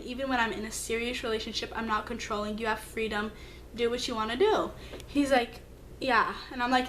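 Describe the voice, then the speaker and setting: A young woman with a high voice tells a personal story straight to camera. She sounds hurt and keyed up, swearing a lot and jumping higher as she acts out the messages. A faint hiss sits under her voice. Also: a bit bright. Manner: emphatic, swearing, acts out texts with leaps in pitch. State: upset, hurt. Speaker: vlogger. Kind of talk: storytime vlog.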